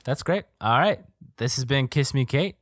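A man co-hosting a podcast in casual chat, joking and pausing with frequent ums. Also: medium pitch, animated, fairly bright tone, dry recording, studio quality. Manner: jokey, hesitant with frequent ums. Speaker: podcast co-host.

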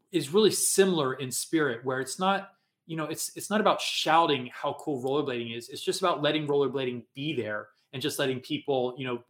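A man's voice: mid-range voice, a bit bright. A man hosting a casual livestream podcast, chatting in a rambling, upbeat way and reading from the chat. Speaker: podcast host.

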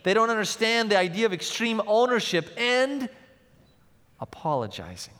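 A young man with a high voice preaches a sermon, telling personal stories in an animated way. He swings between loud passages and hushed, tender ones. His voice rings out in the long reverb of a large hall. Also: normal speed. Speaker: pastor.

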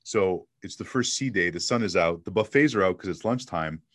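A man talking casually in an interview about selling, an energetic storyteller who acts out little bits of dialogue. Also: deep voice, brisk, no echo, clean studio sound. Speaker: sales trainer and guest.

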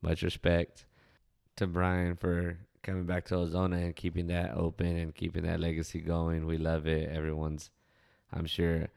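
Laid-back deep-voiced man. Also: completely flat delivery, moderate pace, creaky, a little mellow. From West Texas. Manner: laid-back, profane, laughing reminiscence. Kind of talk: casual storytelling monologue.

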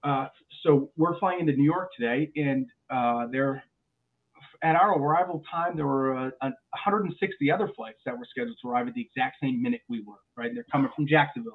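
Guy pilot chatting on a podcast, animated, keeps repeating words, sounds like a tinny phone line. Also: a little high. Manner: animated storyteller with frequent restarts and repeated words. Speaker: airline pilot guest. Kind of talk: podcast interview chat.

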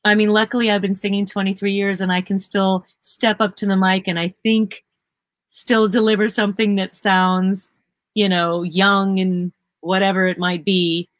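A woman session singer chatting in an interview, telling lively stories and laughing often. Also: mid-range voice, normal speed, dry recording. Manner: animated storyteller who acts out quotes, laughs often. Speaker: session singer and vocal workshop teacher. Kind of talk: casual interview chat.

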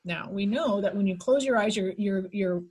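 A woman guest on a podcast, explaining relaxation steps in a soft, slow, hypnotic guiding manner. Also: mid-range voice, breathy edge. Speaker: podcast guest, teacher of mental techniques. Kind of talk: podcast conversation.

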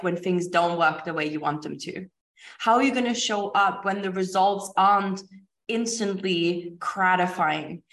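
A woman's voice: mid-range voice, recorded from a distance. Emphatic woman hosting a motivational podcast. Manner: emphatic, repeats rousing questions. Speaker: podcast host and business coach. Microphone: recorded over a video call. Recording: roomy echo with faint music.

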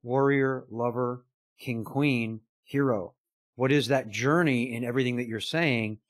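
A man's voice: mid-range voice, measured pace, no echo. A middle-aged man, a business coach, earnestly telling stories in an interview, full of "you know" and quoted dialogue. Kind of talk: conversational interview answer.

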